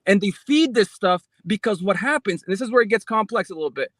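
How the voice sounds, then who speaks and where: A man's voice: high-pitched, animated, quick pace, fairly bright tone, no room sound. A man calling into a livestream, lecturing about politics and insisting on finishing his point over the host. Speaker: caller. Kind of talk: political rant.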